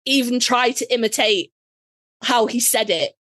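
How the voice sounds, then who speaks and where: Speaking unhurriedly in a slightly high, fairly bright voice with no room sound, a Yorkshire woman with the local accent co-hosts a podcast. She tells a story in casual chat, swears liberally and acts out quotes.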